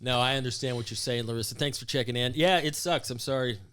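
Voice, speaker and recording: A man's voice: mid-range voice, fast, fairly bright tone, clear, resonant tone, dry recording. A man co-hosting a casual comedy podcast, blunt and joking, laughing often. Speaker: podcast co-host.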